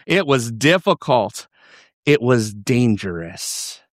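A man preaching a sermon, often repeating and restarting words, his pitch climbing on emphatic lines. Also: big pitch swings, slow pace, dry recording, clean studio sound. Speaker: pastor.

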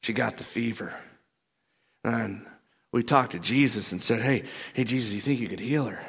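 A man playing the apostle Peter as an excitable, laid-back fisherman, telling his stories in slangy first person with lots of stammered restarts. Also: mid-range voice, moderate pace, husky. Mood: excited storytelling. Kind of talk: first-person character monologue.

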